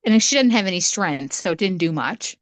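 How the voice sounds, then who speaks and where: A woman with a Canadian accent, telling a campfire story in casual, animated chat as a podcast co-host. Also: lowish voice, fairly quick, dry recording.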